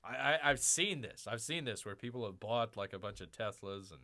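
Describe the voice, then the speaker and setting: A man's voice: fairly low pitch, expressive, moderate pace, sharp tone. A middle-aged man hosting a livestream, reading out news and mocking it in a rambling, sarcastic way. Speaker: livestream host. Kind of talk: casual commentary on news.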